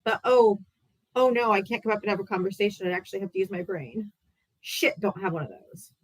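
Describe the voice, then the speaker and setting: A woman's voice: medium pitch, fairly quick. A woman streams live from a home setup, talking straight to her viewers. Her delivery is loose, profane and scornful. She keeps a heated, mocking edge as she vents. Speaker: live-stream political debate host. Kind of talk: casual livestream rant.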